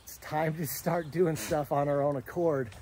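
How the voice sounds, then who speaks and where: A middle-aged homesteader vlogger talks casually and earnestly to camera outdoors on his farm, near a goat pen and orchard, rambling with many restarts. His voice is on the high side, steady and darkish at a normal speed, with slight background noise.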